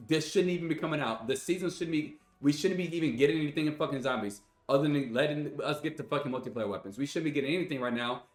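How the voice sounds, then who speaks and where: A young man streaming games, ranting angrily and profanely to his chat in an exasperated, sighing voice. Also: a little high. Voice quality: profane, exasperated, with heavy sighs. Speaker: gaming streamer. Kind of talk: angry rant to stream chat. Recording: roomy echo with faint music.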